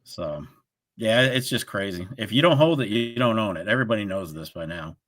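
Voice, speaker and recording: Lively animated man on a stream. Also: on the low side, a little fast, no echo. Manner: animated storyteller, acts out callers' lines. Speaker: co-host of a livestream show. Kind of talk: casual chat.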